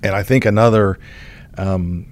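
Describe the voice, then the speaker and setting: A middle-aged man from Oklahoma hosts a conversation as the state insurance commissioner and tells a story in a relaxed way, often restarting his sentences. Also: low voice, unhurried. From Oklahoma, USA. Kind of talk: casual conversational interview.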